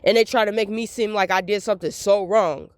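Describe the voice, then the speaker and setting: A woman's voice: medium pitch, steady tone, fairly quick, no echo. Young woman vlogger, candid venting monologue, emphatic and repetitive, dry close sound. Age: young adult.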